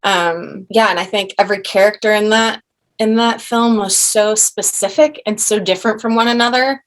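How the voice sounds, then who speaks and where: A woman's voice: medium pitch, steady tone, normal speed. Chatty actress in her thirties. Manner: effusive, talks in restarts and asides. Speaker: actor and director, interview guest. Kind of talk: casual interview chat.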